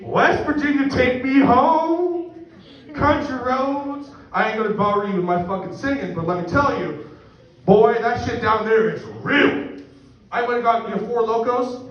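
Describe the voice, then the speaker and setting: Crude rambling comedian in an echoey room. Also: male voice, sits high, a bit bright. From Canada. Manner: crude, rambling, self-mocking. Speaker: stand-up comedian. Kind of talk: profane stand-up storytelling. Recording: echoey distant room mic, muffled.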